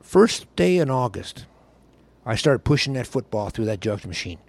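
A man's voice: medium pitch, big pitch swings, moderate pace, vocal fry, no room sound. An older man, a longtime football staffer, telling a folksy anecdote with drama, acting out the people in it. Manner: folksy, dramatic, voices others in his tale.

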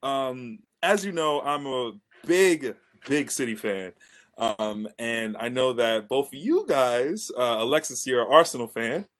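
A man's voice: mid-range voice, unhurried. A man hosting a casual podcast chat, steering topics with frequent ums. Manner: expressive, laughs easily, fillers like um. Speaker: podcast host.

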